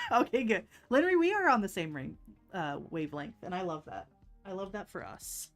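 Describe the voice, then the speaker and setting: A woman's voice: mid-range voice, expressive, normal speed, faint music behind. A woman chatting casually on a live stream while doing nail art, laughing often and teasing herself.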